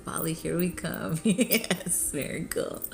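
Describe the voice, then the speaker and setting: A woman hosting a live spiritual healing session, chanting in light language and then talking softly and emotionally, often laughing. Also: lowish voice, gravelly, faint music behind. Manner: soft, unhurried and tearfully emotional, often laughing.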